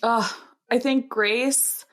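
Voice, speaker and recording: A woman's voice: a little high, steady tone, very slow. A young woman co-hosting a podcast in casual chat, playful and laughing often as she acts out bits. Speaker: podcast co-host.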